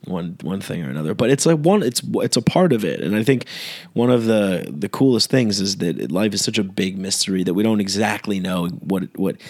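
Laid-back rambling man, low dry voice. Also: lively intonation, fairly quick, no room sound. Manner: meandering, many fillers and restarts, laid-back. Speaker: podcast host. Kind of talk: rambling solo podcast monologue.

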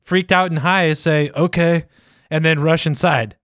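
A man's voice: on the high side, steady tone, moderate pace, fairly bright tone, dry recording, clean studio sound. A man co-hosting a comedy podcast, reading listener stories aloud in a casual, profane, laughing way.

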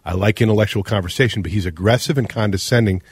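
A man from Minnesota with a Minnesotan accent, co-hosting a radio show in casual, animated talk. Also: fairly low pitch, fast, slightly rough, no room sound. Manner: animated, ranting, mimics accents. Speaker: radio co-host.

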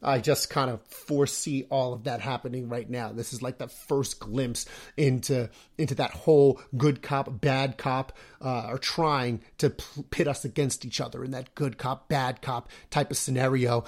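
A young man hosting a podcast in casual chat, talking in a rambling way with lots of restarts. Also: mid-range voice. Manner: rambling, with many restarts and fillers. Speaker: podcast host.

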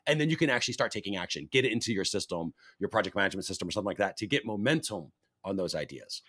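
Male co-host, musing casual talker, quick, dry close sound. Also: fairly low pitch, animated, fairly bright tone, husky, no echo. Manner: musing, loops back with "you know". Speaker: podcast co-host. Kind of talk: casual podcast chat.

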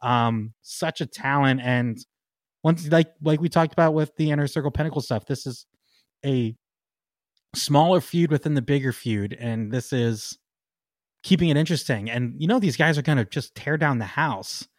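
A man co-hosting a podcast in casual chat, excitable, laughing often and trailing off with ums. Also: medium pitch, normal speed, no room sound, studio quality. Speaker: podcast co-host.

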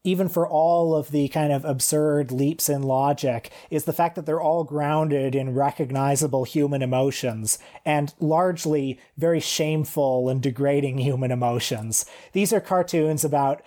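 A man with a mellow, rounded voice, co-hosting a casual podcast. He talks in a wry, animated way, with plenty of likes and uhs as he retells scenes. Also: fairly high pitch, moderate pace, hardly any pauses. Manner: wry, animated storytelling with fillers. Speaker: podcast co-host. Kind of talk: casual film-discussion chat.

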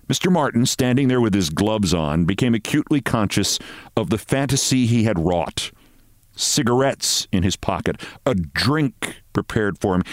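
Low-voiced man reading a story. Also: dry recording, clean studio sound. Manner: measured, expressive. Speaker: host.

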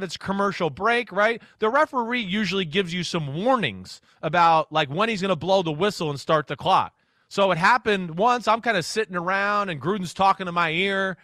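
A man in his forties, a former quarterback and guest analyst on sports talk radio, telling animated stories and acting out what people said. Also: high voice, dry recording, clean studio sound. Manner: animated storyteller who acts out quotes.

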